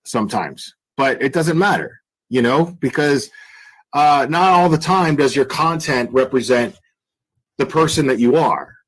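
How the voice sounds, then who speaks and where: A man's voice: mid-range voice, expressive, a little slow, breathy edge, poor audio. A man hosts a casual livestream, rambling through his opinions with plenty of fillers. His talk is blunt and crude, and he often circles back to repeat his point. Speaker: commentary channel host.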